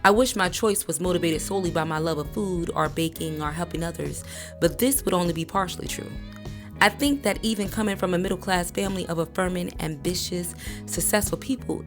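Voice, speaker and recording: A woman with a notably low voice reads a memoir aloud at a measured, even pace. Her delivery is a calm audiobook narration. Faint music sits quietly beneath her. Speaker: book reader.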